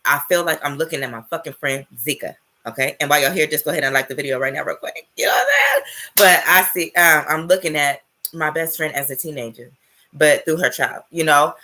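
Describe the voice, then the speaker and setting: A woman's voice: deep voice, sharp tone. A woman in her thirties telling a personal story straight to camera, emphatic and salty, checking in with listeners after nearly every phrase. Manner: emphatic, checks in with frequent "right?" and "okay?"; swears casually. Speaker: spiritual vlogger.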